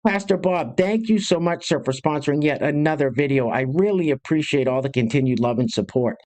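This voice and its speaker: A man hosting a video commentary channel, talking straight to his viewers in a brisk, sarcastic way. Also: fairly high pitch, a little mellow.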